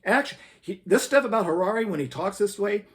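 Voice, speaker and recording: A man hosting a Christian commentary video. He talks in an earnest, preacherly way and reads scripture aloud. His voice sits high and swings widely in pitch. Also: lively intonation, fast talker. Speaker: host.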